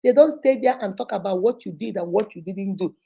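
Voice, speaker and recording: A middle-aged Nigerian woman hosting a live show, giving an animated motivational talk with a husky voice. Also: mid-range voice, a little fast. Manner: animated, preachy, with mimicked voices. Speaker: host.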